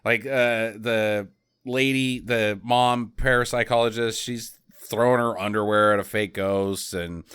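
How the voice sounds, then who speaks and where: A man's voice: lowish voice, fairly even intonation, a little slow, fairly bright tone, smooth. A man casually recapping a bad movie, rambling and sarcastic, with mocking quoted voices. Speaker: podcast co-host.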